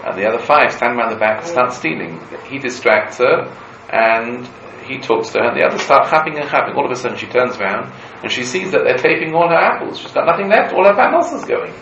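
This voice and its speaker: A man, a rabbi, giving a Torah lecture to students, telling stories in an animated way and weaving Hebrew quotes into his explanation. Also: medium pitch, quick pace, few pauses, dull audio. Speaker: rabbi teaching a class. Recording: roomy room with background noise.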